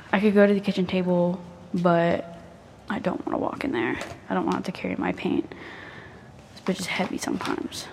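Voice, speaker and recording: A woman's voice: lowish voice, flat delivery, normal speed, creaky, long pauses, slight background noise. A young woman chatting casually in a crafting vlog while painting on her bed, rambling, profane and self-mocking, close to the mic. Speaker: vlogger.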